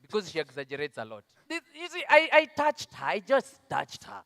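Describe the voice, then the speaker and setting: A man's voice: sits high, wildly swooping pitch, a little fast, gravelly, fairly bright tone, dry recording, big-room sound, full character voice. A man playing a blustering drunk husband. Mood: defensive. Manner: blustering, defensive, interjects "eh?" constantly. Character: abusive, self-pitying drunk Kenyan husband. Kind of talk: stage play monologue. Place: festival stage.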